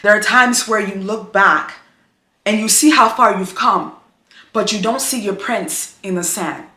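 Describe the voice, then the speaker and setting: Woman vlogger, heartfelt faith talk, encouraging, bright voice, echoey room. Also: mid-range voice, unhurried. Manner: emotional, encouraging, repetitive preaching cadence; addresses viewers as "girl".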